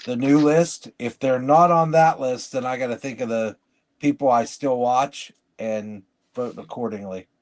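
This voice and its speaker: A man's voice: medium pitch, a little slow. A man co-hosting a casual podcast chat, rambling through stories with lots of restarts. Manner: rambling, storytelling, frequent restarts. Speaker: podcast co-host.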